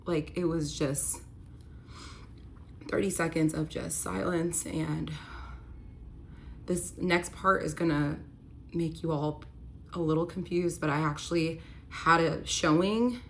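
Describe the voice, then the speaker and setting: Low-voiced young woman telling a storytime. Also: steady tone, slow, pauses often, a little hiss or hum. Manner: candid, confessional, gets emotional. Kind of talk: emotional storytime.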